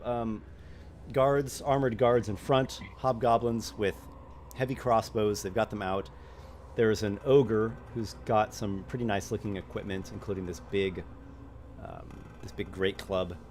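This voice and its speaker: A man with a lowish voice narrating a tabletop adventure as game master. He describes each scene haltingly, with plenty of ums and restarts, and there is a faint noise bed behind him. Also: darkish tone.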